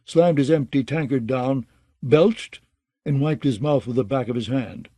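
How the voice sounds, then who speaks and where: A man narrating a fantasy audiobook in a steady, even reading style. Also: medium pitch, normal speed, no echo.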